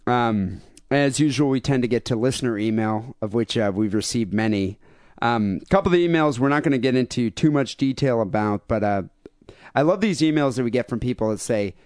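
A man's voice: mid-range voice, smooth, dry recording. Man, podcast co-host, casual rambling talk, dry sound. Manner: rambling, repeats words.

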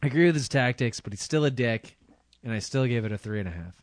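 A man's voice: mid-range voice, lively intonation, quick pace, no room sound, studio quality. A man co-hosting a podcast, sarcastic and teasing in casual comedic chat. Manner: sarcastic, teasing, laughs often. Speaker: podcast co-host.

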